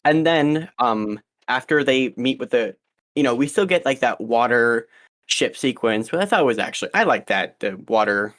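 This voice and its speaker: In an ordinary mid-pitched voice that's animated and a bit bright, a young podcast co-host talks at normal speed. He rambles loosely through his ideas in casual conversation, with many ums and restarts.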